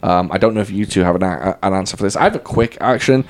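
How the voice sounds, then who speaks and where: A British man hosting a casual podcast, telling jokey stories with deadpan asides. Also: sits low, fast. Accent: British English. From England. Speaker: podcast host.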